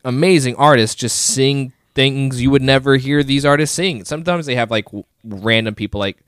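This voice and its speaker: A man's voice: medium pitch, normal speed, fairly bright tone, clean tone, no echo, studio quality. A man co-hosting a podcast in casual chat, joking and teasing. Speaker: podcast co-host.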